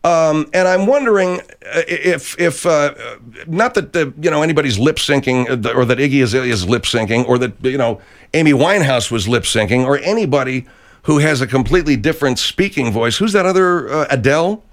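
A man's voice: mid-range voice, expressive, fairly quick. A man hosting a radio comedy talk show, hesitant and often exasperated. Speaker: host.

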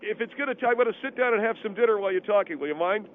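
A man's voice: high voice, lively intonation, very fast, pitched above the performer's own voice. A man voicing an arrogant middle-aged restaurant owner who pushes bribes of food and brushes callers off. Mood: taunting. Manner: arrogant, pushy, bargaining. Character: boastful middle-aged male steakhouse owner. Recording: tinny phone line with faint hiss.

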